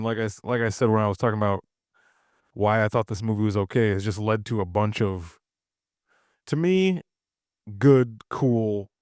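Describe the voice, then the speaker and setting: Man, lowish voice, casual rambling film-review co-host, dry close sound. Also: darkish tone, clean tone, no echo. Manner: loose, rambling, lots of fillers and restarts. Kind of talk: casual chat.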